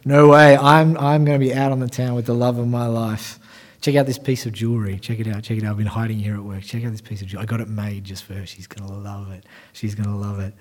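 An everyday married guy talking to his mates in a low, soft, rambling way, as a preacher puts him on. His tone is casual and chummy, dropped well below his usual pitch. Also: level tone, fast talker, lightly acted. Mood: gushing. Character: ordinary married man chatting with his mates.

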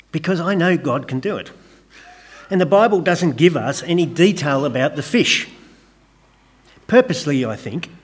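A man preaching a sermon, gentle and conversational with light humor, praying in a soft, hushed way. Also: mid-range voice, breathy edge. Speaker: pastor.

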